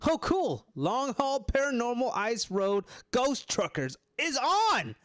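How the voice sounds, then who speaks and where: A man's voice: very high voice, huge pitch swings, slow, fairly bright tone, voice pushed up, exaggerated voice. A man voicing a perky, teasing young woman in a game. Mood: excited. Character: bubbly, cheeky young woman, daughter. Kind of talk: reading a dating-game script aloud.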